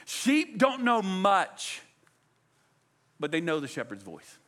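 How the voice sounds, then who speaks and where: Lively, animated man preaching. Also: a little slow. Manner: animated, conversational preaching with dramatic pitch swings. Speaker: pastor. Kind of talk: sermon.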